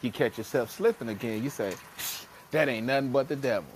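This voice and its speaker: On a casual motivational podcast, a male co-host talks emphatically in slang and acts out voices whenever he quotes someone. He has a medium-pitched voice and a brisk delivery, with slight background noise behind him.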